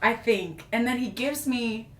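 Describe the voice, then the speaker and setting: Woman telling a lively story in an echoey room. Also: a little high, unhurried. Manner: animated, self-mocking storytelling with frequent laughter. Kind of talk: casual storytelling chat. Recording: echoey room with faint noise.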